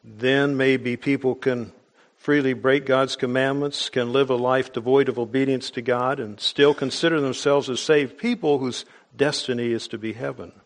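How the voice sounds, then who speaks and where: A man preaching a sermon in a measured, explanatory way, with small restarts as he goes. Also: medium pitch, fairly even intonation.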